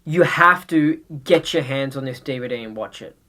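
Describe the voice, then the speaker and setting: A man's voice: medium pitch, normal speed, pushed and bright. A man hosting a podcast, giving a casual, earnest review and pressing his listeners again and again to watch something, with many restarts. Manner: earnest and insistent, restarts a lot. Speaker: podcast host reviewing a DVD.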